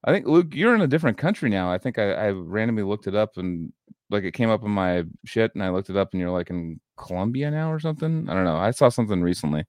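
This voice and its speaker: A podcast host with a lowish voice tells stories in a loose, rambling way. His speech is full of swearing and casual asides. The recording is dry and close. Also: lively intonation, quick pace, a little mellow, no echo. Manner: rambling storyteller, swears a lot. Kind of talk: casual chat.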